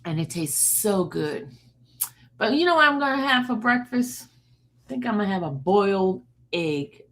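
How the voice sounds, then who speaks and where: A woman's voice: mid-range voice, very animated, a bit bright. A woman hosting a live stream in casual chat, joking, laughing often and talking to viewers in the chat by name. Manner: drawn-out yawns and sighs. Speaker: livestream host.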